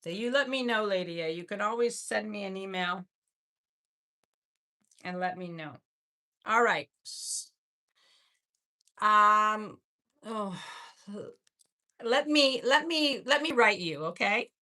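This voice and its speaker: A woman hosts a live online jewelry sale in a casual, gushing way, often doubling up her words. Her voice is bright and forward. She takes her time and speaks at a slow pace. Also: medium pitch. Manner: chatty, effusive, repeats words. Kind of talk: casual live-stream selling.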